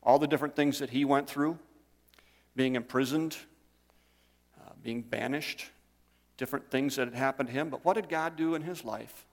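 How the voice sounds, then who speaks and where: A man's voice: medium pitch, normal speed, long pauses, big-room sound. A man preaching a sermon, telling stories in a conversational way. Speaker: pastor.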